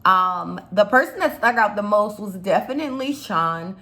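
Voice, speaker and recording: A woman's voice: medium pitch, lively intonation, normal speed, bright, forceful tone. A young woman from Chicago with a slight Chicago accent, talking casually in a rambling commentary vlog, full of fillers and asides. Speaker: YouTube commentator.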